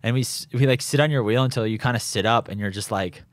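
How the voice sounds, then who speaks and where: A man's voice: mid-range voice, fast talker, no room sound, clean studio sound. A young man, a professional triathlete, chatting loosely in an interview, full of restarts and fillers. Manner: rambling, many restarts and fillers, laughs at his own stories. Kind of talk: casual conversational interview. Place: home in Boulder.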